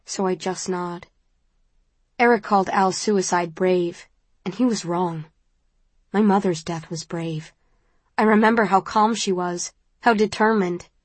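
A woman narrating an audiobook in the first person, measured and intimate. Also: medium pitch, no echo.

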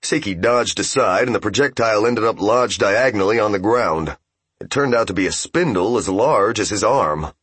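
A man narrating a fantasy game novel as an audiobook, in steady, even storytelling. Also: fairly low pitch, normal speed, slightly rough, no echo.

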